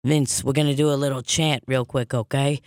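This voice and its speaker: A woman's voice: very deep voice, steady tone, brisk, a little mellow, dry recording. A woman playing a brash, bossy psychic with a put-on Long Island accent in an improvised comedy sketch, dry close recording. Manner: brassy, bossy, rambling.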